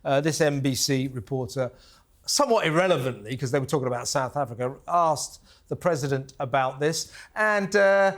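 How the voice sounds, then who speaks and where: A man hosting a talk show, telling stories in a casual studio chat, halting with fillers and restarts. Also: mid-range voice.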